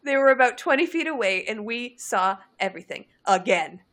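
A woman's voice: a little high, animated, fairly quick, fairly bright tone. A woman reading as a frank teenage witch. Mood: exasperated. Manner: candid, embarrassed recounting.

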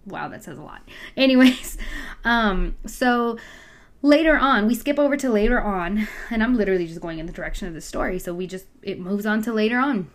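Young adult woman, casual storyteller, lively and slangy, middle pitch. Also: a little fast. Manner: chatty, animated, acts out voices with slang. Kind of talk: casual Bible story retelling.

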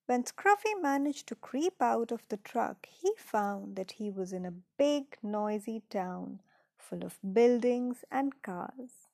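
Slow gravelly woman reading a story. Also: on the high side, lively intonation, warm tone, no echo. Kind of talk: children's story read aloud.

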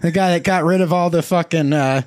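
A man with a high voice hosts a podcast, riffing through crude, rambling jokes and swearing freely. His talk is loose, casual and quick to veer off. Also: darkish tone. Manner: rambling, joking, heavy swearing. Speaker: podcast host. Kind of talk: casual profane banter.

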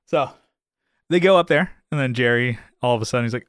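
His voice is brisk, a bit bright, and clean, recorded at studio quality without echo. As a podcast co-host he chats casually about a TV episode, laughing and swearing frequently and switching to high-pitched voices when quoting.

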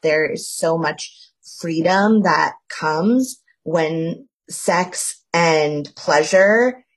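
Woman co-host, lowish husky voice, very unhurried and earnest delivery. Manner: slow, deliberate and earnest. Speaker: podcast co-host. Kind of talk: casual faith-based podcast chat.

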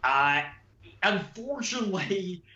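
Slow, bright-toned man in an echoey room. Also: high voice, animated. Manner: slow, deliberate and measured. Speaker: podcast co-host. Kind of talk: casual film discussion. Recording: dull, echoey room sound.

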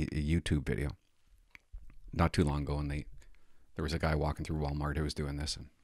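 A man's voice: low-pitched, no echo, studio quality. A middle-aged man telling a rambling, self-mocking comic story to his vlog audience. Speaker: vlogger.

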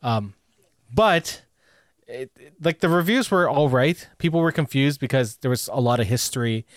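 A man hosting a casual podcast conversation, speaking in a relaxed way and moving the talk along with questions. His voice sits in a middle pitch. The sound is dry and close. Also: normal speed, dry recording. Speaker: podcast host. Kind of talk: casual chat.

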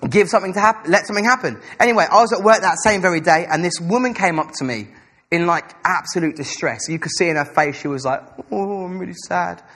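A young man preaching a sermon, telling a story with animated, acted-out dialogue. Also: fairly high pitch, quick pace.

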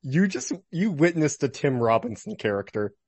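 A man's voice: on the high side, very animated, normal speed, darkish tone, husky, no room sound. A man hosting a podcast, chatting casually and amused. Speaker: podcast host. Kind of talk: casual chat.

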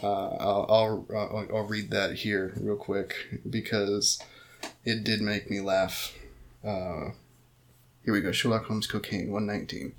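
A man's voice: lowish voice, level tone, a little slow. A man co-hosting a casual book-discussion podcast, trading dry jokes and often restarting his sentences. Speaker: podcast co-host.

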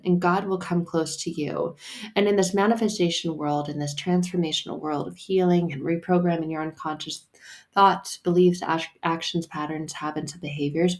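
With a fairly low, darkish voice, this woman hosts a faith podcast on her own as a faith coach. Her delivery is relaxed, playful and emphatic, with an occasional swear.

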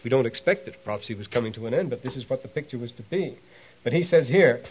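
A man's voice: medium pitch, quick pace, breathy edge, muffled recording. A man giving a classroom lecture, talking in a discursive way with many asides and restarts. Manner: reads quoted passages aloud with lively emphasis.

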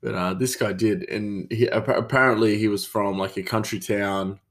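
A man's voice: on the low side, moderate pace. A man with an Australian accent, rambling through a casual story as host of his own show. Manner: rambling, animated storytelling with many fillers. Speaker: podcast host, chef.

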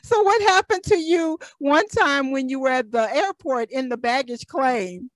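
High-voiced bubbly morning show host. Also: female voice, animated, measured pace, dry recording, poor audio. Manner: bubbly, laughing questions.

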